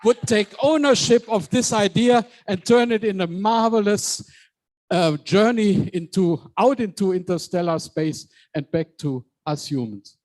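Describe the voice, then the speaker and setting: A man chairing a team project, giving a measured, reflective speech with hesitant fillers. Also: sits high, a little mellow, no room sound.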